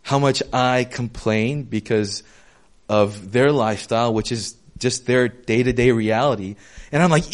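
A man's voice: medium pitch, unhurried. A young adult man giving a casual sermon as a pastor. He speaks candidly and often pokes fun at himself. He addresses his congregation in a loose, conversational way. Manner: candid, self-deprecating, talks to the congregation as "guys".

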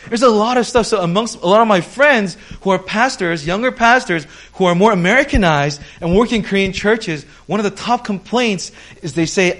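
A pastor gives a conversational sermon in a high, expressive, fairly bright voice at normal speed. He walks through points step by step, asks "okay?" to check in with listeners, and acts out the people he quotes.

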